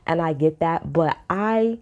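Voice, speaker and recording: A woman's voice: low voice, a little slow, a little mellow, dull audio. A woman recapping a reality TV episode in a casual, opinionated way, blunt and swearing freely.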